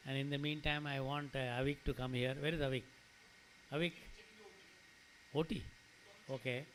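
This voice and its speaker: A man's voice: mid-range voice, level tone, moderate pace, fairly bright tone, a little hiss or hum, low-quality recording. A middle-aged man with an Indian English accent, an eye doctor giving a loose, rambling talk to an audience at a clinic opening. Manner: rambling, conversational, stops to address people by name. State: emotional, near tears. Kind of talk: informal presentation to an audience. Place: event hall.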